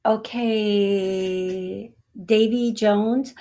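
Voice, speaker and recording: A woman hosting a live psychic reading stream, talking slowly and affectionately to viewers, with many fillers while she reads comments. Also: mid-range voice, steady tone. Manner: slow, soothing, affectionate. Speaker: psychic medium host.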